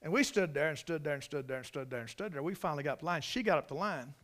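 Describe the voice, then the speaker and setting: A preacher from the Carolinas with a Southern drawl delivers a folksy, storytelling sermon to his church. His voice sits a little high for a man and rings forceful and bright. He drifts into emphatic asides as he preaches. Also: rapid-fire. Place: church service.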